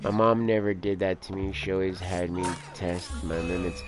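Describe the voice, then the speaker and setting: Ny guy streaming a game, rambling and chatty, says like and dude a lot, soft music behind. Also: low-pitched, fairly even intonation, normal speed. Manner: rambling storyteller, lots of "like" and "dude". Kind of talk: casual let's play commentary.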